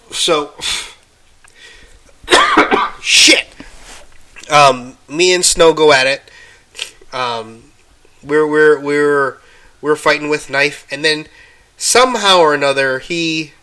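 Slow, bright-voiced man, coughing. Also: a little high. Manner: halting, with many ums and restarts. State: coughing, getting over an illness. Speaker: podcast host. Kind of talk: casual solo storytelling.

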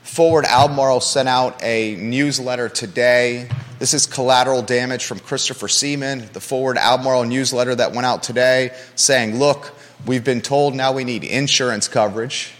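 A man's voice: medium pitch, fairly even intonation, moderate pace, hardly any pauses, fairly bright tone. Fervent male talk show host, reverberant studio. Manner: passionate, emphatic, repeats key phrases. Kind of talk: live local talk show monologue.

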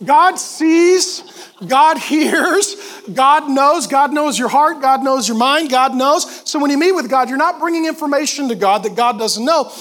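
A man with a strikingly high voice preaching a sermon from a church stage. He talks to the congregation with animated emphasis and breaks off into quick asides. The sound comes through a stage mic in the hall. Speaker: pastor. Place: church auditorium before a congregation.

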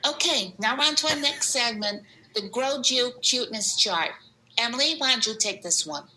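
A woman's voice: a little high, lively intonation, moderate pace, bright, forceful tone, a little hiss or hum, low-quality recording. A woman voicing a brash, pushy woman from the Bronx with a Bronx accent, spoofing a podcast host in a voicemail. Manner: pushy, blunt, mock-tough.

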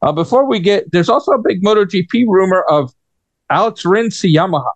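A man's voice: high voice, lively intonation, fairly quick, no echo. A man hosting a casual racing talk show, rambling with fillers and restarts and laughing often. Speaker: radio show host. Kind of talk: casual chat.

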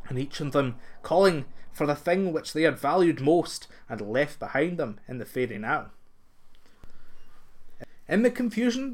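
A man narrating a folktale in an expressive, lilting way. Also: on the high side. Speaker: storyteller.

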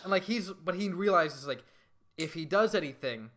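Guy with a bright kinda high voice retelling a comic, swears a lot, super casual. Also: animated, moderate pace. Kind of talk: casual storytelling. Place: indoor room with others nearby.

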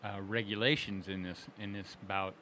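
A man chatting on a panel, animated and quick to laugh, often restarting his sentences. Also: fairly low pitch, slight background noise. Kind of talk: casual panel chat.

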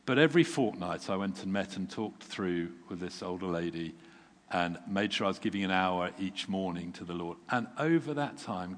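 A man preaching a sermon in a relaxed, conversational way, self-deprecating and chuckling now and then, sounding tired. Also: deep voice. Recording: long reverb from a large hall.

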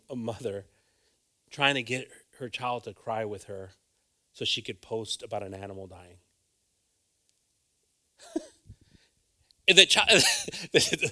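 Bright-voiced earnest male preacher. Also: medium pitch. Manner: earnest, emphatic preaching with repeated phrases. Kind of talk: sermon.

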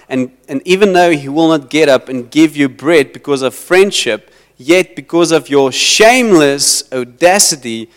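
A man's voice: a little high, clear, resonant tone. A man preaching a sermon in a church hall, acting out dialogue as he goes. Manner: animated, acts out dialogue, switches between English and Afrikaans. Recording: long reverb of a hall.

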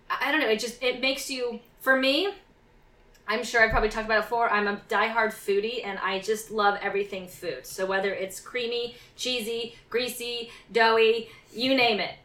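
A woman co-hosting a casual podcast from home, bubbly and quick to laugh. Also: medium pitch, sharp tone, echoey room. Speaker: podcast co-host.

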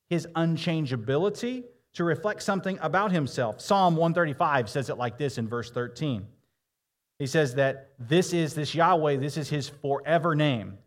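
A man preaching a sermon, reading scripture aloud and slowing down to stress key phrases. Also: fairly high pitch, fairly bright tone. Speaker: pastor.

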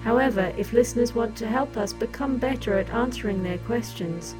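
A woman's voice: on the high side, a little fast, over music, rough recording. A woman co-hosting a comedy podcast, asking questions and closing the show in a stiff, formal, mock-serious way. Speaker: co-host interviewer.

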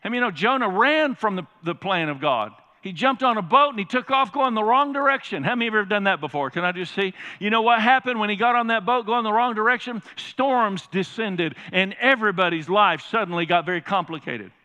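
Male pastor preaching, high and bright, emphatic, asks the room questions, long church reverb. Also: lively intonation, a little fast, few pauses. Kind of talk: sermon. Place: large church sanctuary.

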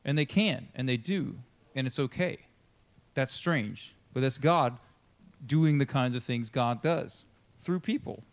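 A man's voice: medium pitch, a little slow. A man preaching a sermon as a pastor, telling Bible stories in a casual, chatty way and acting out the characters' lines. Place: church.

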